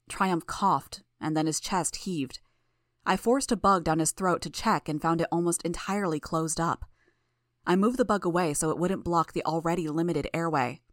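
A woman narrating a first-person audiobook in a measured, steady manner. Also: low-pitched, no echo, clean studio sound.

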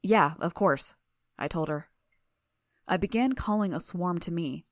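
A woman narrating a first-person fiction audiobook in a steady, even way. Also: on the low side, measured pace, no echo, clean studio sound.

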